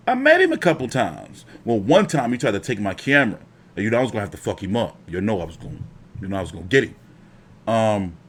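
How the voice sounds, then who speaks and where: A young man hosting a boxing live stream, telling stories in casual, profane slang. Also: medium pitch. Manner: profane, animated storytelling with slang.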